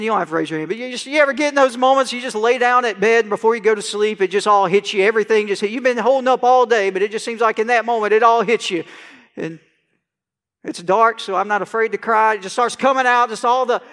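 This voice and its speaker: A male pastor preaching a sermon to a congregation, swinging from quiet conversational asides to loud, rising proclamation. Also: sits high. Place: church sanctuary. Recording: long church hall reverb.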